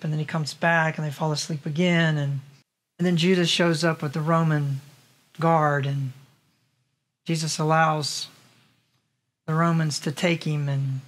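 Male pastor, high-pitched voice, casual sermon delivery with questions to the congregation. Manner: conversational, rhetorical questions to the congregation. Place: church in Las Vegas.

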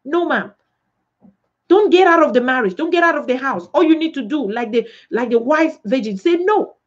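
A woman's voice: high voice, expressive, normal speed. A woman pastor preaching a sermon emphatically, asking rhetorical questions and acting out quotes. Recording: dull lo-fi recording.

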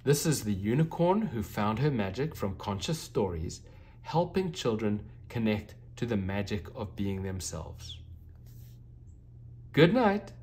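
A man reading a children's storybook aloud, gentle and expressive. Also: fairly low pitch, unhurried, a little hiss or hum.

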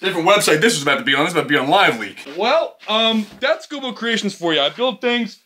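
A young man vlogging from his basement, talking in a rambling, profane, excitable way while sleep deprived and tired. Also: high-pitched, fast talker, slight background noise. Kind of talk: chaotic comedy vlog. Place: home basement.

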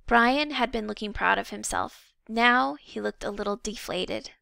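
Woman storyteller, audiobook read, gravelly and bright, dry close sound. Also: fairly high pitch, measured pace, no echo. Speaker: audiobook reader. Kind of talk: storybook narration.

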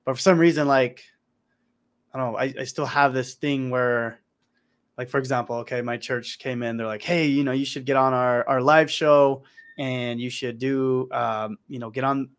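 A man hosting a casual chat, speaking haltingly with restarts. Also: medium pitch, steady tone, clean tone. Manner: halting, many restarts and fillers. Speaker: host.

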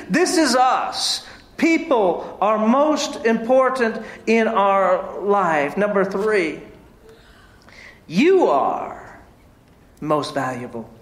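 High-voiced pastor preaching in an echoey church. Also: male voice. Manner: animated preaching, sudden swings between loud and hushed. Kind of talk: sermon. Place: church sanctuary.

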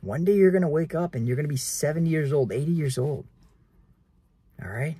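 A man's voice: on the high side, animated, brisk, warm tone, a little hiss or hum. A man in his twenties preaching earnestly to camera in casual talk, keeps calling viewers guys. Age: 20s. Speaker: realtor vlogger.

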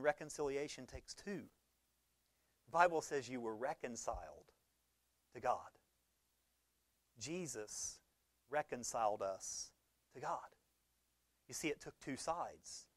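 A man, preaching a conversational sermon that swings between loud emphasis and quiet low talk. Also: dry recording. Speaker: pastor.

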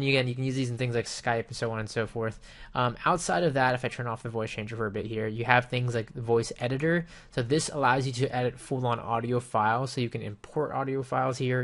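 A man casually demonstrating a program on screen, explaining each step in a relaxed way with frequent ums and you-knows. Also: mid-range voice. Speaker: software reviewer. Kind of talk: casual screen-recorded software walkthrough. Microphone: desktop microphone with headphones.

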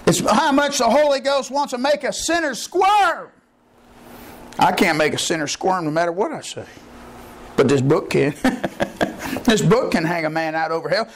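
A man preaching a sermon as pastor of a church, impassioned and folksy, rising to shouts. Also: high-pitched, sing-song, moderate pace, pauses often, a little hiss or hum.

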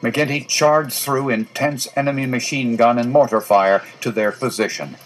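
A man giving scripted documentary narration in a steady storytelling tone. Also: mid-range voice, moderate pace, low-quality recording.

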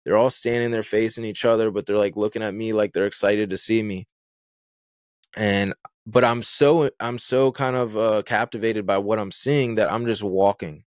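Young man, lowish voice, dry close mic, rambling storyteller. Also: fairly even intonation, normal speed, no room sound. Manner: rambling, fillers and restarts, vivid retelling. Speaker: guest telling his story. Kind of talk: casual storytelling.

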